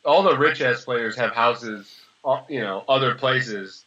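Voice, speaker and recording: A young man in his early twenties co-hosting a podcast, chatting casually and sarcastically about sports, rambling and quick to laugh. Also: medium pitch, pushed and bright. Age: early 20s. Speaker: podcast co-host. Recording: slightly dull lo-fi sound.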